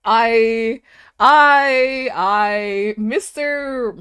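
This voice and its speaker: A woman's voice: fairly high pitch, drawn-out words, fairly bright tone, clean tone, dry recording, studio quality. A young woman streaming, reacting to a video with laughter and dramatic, repeated cries. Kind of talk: live stream reaction chat.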